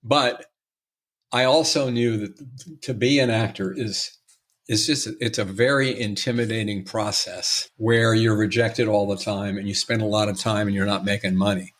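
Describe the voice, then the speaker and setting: A man's voice: on the low side, steady tone, a bit bright. An older man, an entertainment lawyer guest on a podcast, telling stories theatrically and slipping into mimicry and jokes. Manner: theatrical storyteller, quick to mimic and joke. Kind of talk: conversational podcast interview.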